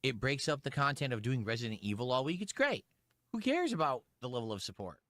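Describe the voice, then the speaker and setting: A man's voice: mid-range voice, sing-song, fast talker, bright, forceful tone, dry recording, clean studio sound. A man on a stream clip, insisting defensively that he is happy and doing fine.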